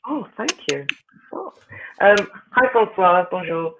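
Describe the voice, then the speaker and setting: An older woman chatting as a radio guest over the phone, talkative and quick to laugh. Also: mid-range voice, sing-song, gravelly, noisy background. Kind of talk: casual radio chat. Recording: tinny phone line.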